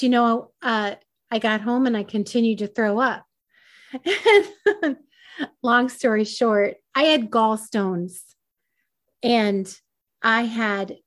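A woman guest on a podcast, telling a personal story in a candid, self-deprecating way. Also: medium pitch.

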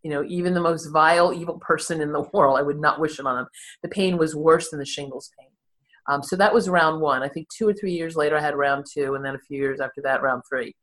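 Guest, woman, 60s, low voice, candid and self-deprecating storyteller. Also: fairly even intonation, fast talker, fairly bright tone. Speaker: therapist and podcast guest. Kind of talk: conversational interview storytelling.

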